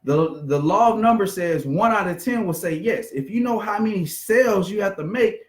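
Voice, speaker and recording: A man giving an energetic, conversational motivational business talk, acting out bits of small talk. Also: high voice, normal speed, echoey room. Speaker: business coach.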